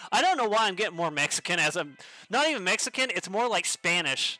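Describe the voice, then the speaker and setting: A man's voice: high-pitched, sing-song, fast talker, pushed and bright, faint music behind. A man giving let's-play commentary with amused, chuckling asides. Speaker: gaming YouTuber.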